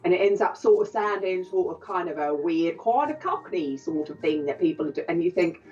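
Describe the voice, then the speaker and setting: Woman dialect coach, low voice, thoughtful, recorded dull and from a distance. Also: animated, normal speed, warm tone. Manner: thoughtful, hedging. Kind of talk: interview answers. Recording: dull, distant interview audio.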